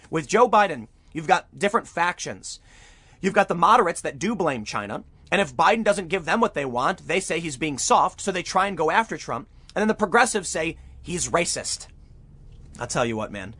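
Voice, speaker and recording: Male political commentator, high voice, dry close sound, emphatic, opinionated. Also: lively intonation, normal speed, pushed and bright, dry recording. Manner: emphatic, opinionated, repeats words when fired up. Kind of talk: opinion commentary reading news aloud.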